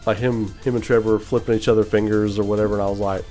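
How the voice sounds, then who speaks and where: Lowish-voiced guy ranting hard, swears a lot, does mumbly voices, faint guitar playing. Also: fairly quick. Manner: animated, swears freely, mimics mumbling voices. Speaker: channel host. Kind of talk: casual opinion rant.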